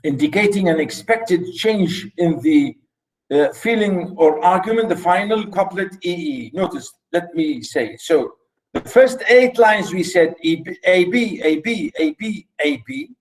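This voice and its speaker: Slow, halting male literature lecturer. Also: sits high, lively intonation, poor audio. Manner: halting, many fillers and restarts, counts syllables aloud. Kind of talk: classroom lecture. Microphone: recorded lecture.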